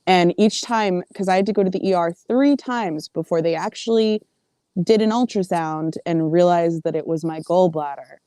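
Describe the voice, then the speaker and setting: A woman in casual chat, chatty and quick to laugh. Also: lowish voice, mellow, clean tone, no room sound.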